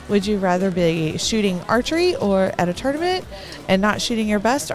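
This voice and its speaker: A middle-aged woman with a Texan accent giving rambling, talkative live commentary at an event, laughing between thoughts. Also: fairly low pitch.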